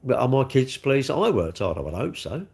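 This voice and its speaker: A middle-aged man rambles through a casual livestream chat. He addresses his viewers directly, and his pitch rises and falls in a lively way. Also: fairly quick, breathy edge. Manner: rambling, talks straight to viewers. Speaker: livestream host.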